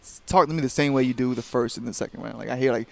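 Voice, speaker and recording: Fast-talking gravelly young guy. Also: mid-range voice. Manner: fast, loose, animated storytelling with lots of "like". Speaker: guest fighter. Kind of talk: casual radio chat.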